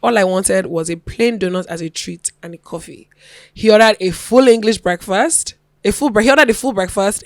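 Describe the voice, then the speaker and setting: A woman reads a listener's story aloud in a relaxed podcast chat, her voice sitting at an ordinary middle pitch. She tells it with animation and laughs here and there. The sound is close and dry, with no room to it. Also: no room sound. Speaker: podcast co-host.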